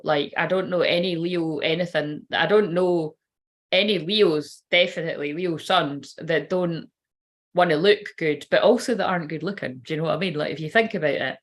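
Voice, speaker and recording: Woman, card reader, rambling casual chat, slightly low voice, swears offhand. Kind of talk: casual livestream card reading.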